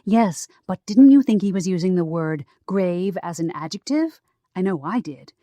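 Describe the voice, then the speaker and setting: A woman's voice: lowish voice, animated, normal speed, dark tone, dry recording, natural voice. Woman reading an eager young sleuth. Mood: earnest. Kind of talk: audiobook character voice.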